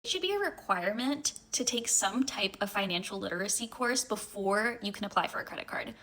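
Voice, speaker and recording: A woman's voice: mid-range voice, expressive, a little fast, fairly bright tone, poor audio. A thirty-year-old woman talking to camera, confused and exasperated as she explains. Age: 30s. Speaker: social media poster. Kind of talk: casual talk to camera.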